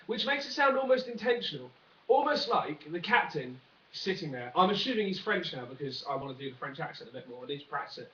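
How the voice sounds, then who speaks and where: A man's voice: on the high side, lively intonation, fairly quick, a bit bright. Rambling young man, echoey room. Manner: rambling, jokey, many fillers and asides. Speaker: vlogger. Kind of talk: one-take comedic news rant. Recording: dull, roomy, from a distance.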